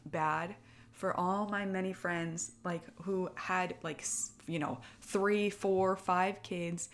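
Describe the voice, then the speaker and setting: A young woman, a military spouse, chatting in a casual, emotional way, tearful and rambling with many fillers. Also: on the low side. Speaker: podcast co-host, military spouse. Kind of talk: casual heartfelt chat.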